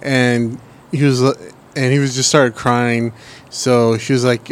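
A man's voice: mid-range voice, little pitch movement, slow pace. A man co-hosting a casual podcast, telling crude stories and mock-quoting people. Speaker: podcast co-host.

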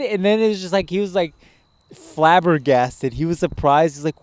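A young man chatting casually on a podcast, telling stories full of swearing and laughter. His voice is fairly high for a man, smooth and clear, and the sound is dry and close. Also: normal speed, dry recording. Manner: profane, animated storytelling with laughs. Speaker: podcast host. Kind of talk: casual chat.

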